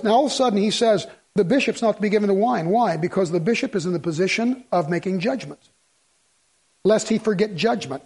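A man's voice: high-pitched, darkish tone, slightly rough. A middle-aged man preaching a sermon in a folksy, emphatic way, firing rhetorical questions at his congregation. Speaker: pastor.

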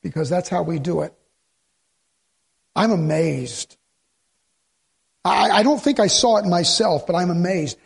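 A man's voice: sits high, fairly quick, creaky, hardly any pauses, husky. A man preaching a sermon in church, quoting scripture and asking his congregation rhetorical questions, sometimes sarcastic. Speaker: pastor.

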